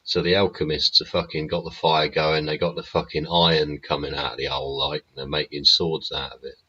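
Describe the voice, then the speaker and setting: Very deep husky man, sweary. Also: level tone, a little fast, pushed and bright, muffled recording. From England. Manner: rambling, blunt and heavily sweary. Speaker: show host. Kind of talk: live-stream monologue.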